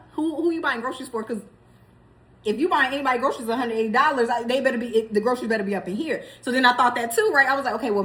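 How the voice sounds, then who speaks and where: Animated high-voiced woman telling a story. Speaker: vlogger. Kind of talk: casual storytime.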